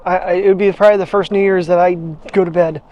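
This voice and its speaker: Out walking his dog, a man vlogs in a high, slightly mellow voice, speaking fast with a steady tone. He rambles through casual chat, chuckles and addresses the dog, all picked up by a wireless clip-on mic.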